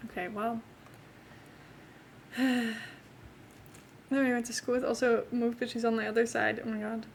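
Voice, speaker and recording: A young woman with a notably high voice rambles through a casual live stream, talking to her viewers and to the characters in her game. A faint hiss sits under her voice. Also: steady tone, measured pace, gravelly, long pauses. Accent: not from England. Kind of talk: casual live-stream chat while playing a life-sim game.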